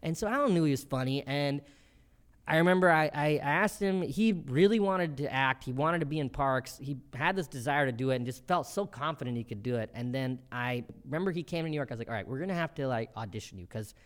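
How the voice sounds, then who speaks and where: A man in his thirties, a comedian being interviewed, telling quick, animated stories and acting out quotes. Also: fairly high pitch, clear, resonant tone. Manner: quick, animated storytelling with acted-out quotes and laughter. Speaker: comedian and show creator, guest. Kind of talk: casual interview.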